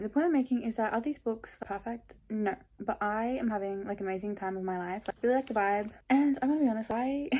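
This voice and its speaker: A young book vlogger chats casually in a reading vlog, gushing about books with plenty of fillers and quiet whispered asides. Her voice is mid-range.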